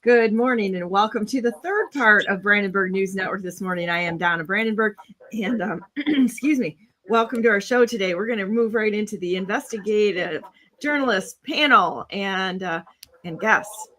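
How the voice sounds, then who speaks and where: A woman's voice: mid-range voice, moderate pace, fairly bright tone. A woman hosting a casual online talk show, chatty, with many fillers and restarts. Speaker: show host.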